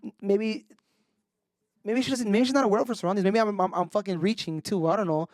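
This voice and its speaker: A man's voice: high voice, fast talker, darkish tone, dry recording, studio quality. A young man telling a story on a podcast, casual and profane, switching between Spanish and English slang. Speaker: podcast co-host.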